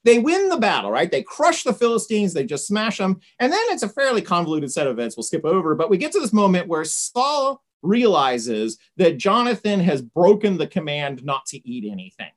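Woman, lecture, low voice, very expressive swings in pitch, informal, keeps asking "right?". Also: normal speed, few pauses. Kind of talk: conversational lecture retelling a story.

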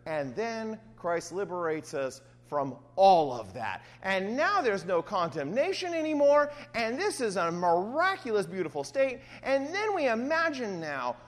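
A woman preaching a sermon, reading scripture aloud and acting out voices in an animated way. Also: mid-range voice, unhurried, few pauses, in a large hall.

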